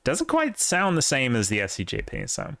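Man, podcast co-host, loose rambling chatter, very lively pitch, dry close sound. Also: normal speed, vocal fry, dry recording. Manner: opinionated, rambling with many fillers. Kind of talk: casual chat.

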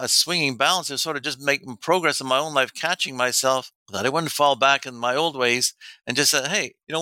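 A middle-aged man coaching men on dating has a smooth, medium-pitched voice, captured in a dry recording. In casual talk he tells animated stories, acting out the dialogue and laughing often.

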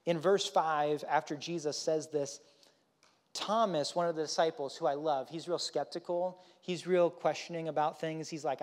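A man preaching a sermon as pastor, in a conversational and animated way that keeps checking in with the congregation. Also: fairly high pitch, normal speed. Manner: conversational, animated, often asks "right?". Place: church.

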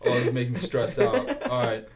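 A man's voice: mid-range voice, very animated, a little fast, a loud crowd. A man co-hosting a casual podcast chat, easily flustered and laughing. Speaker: podcast co-host.

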